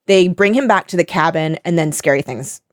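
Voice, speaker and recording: Animated woman chatting, dry close sound. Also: on the low side, fairly quick, no echo. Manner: animated, laughing, acts out quotes. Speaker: podcast host. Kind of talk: casual chat.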